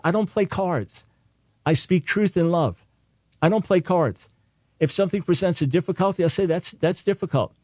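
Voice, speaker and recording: A man's voice: fairly high pitch, darkish tone, dry recording. A man hosting a talk radio show, arguing his points emphatically and repeating them for stress.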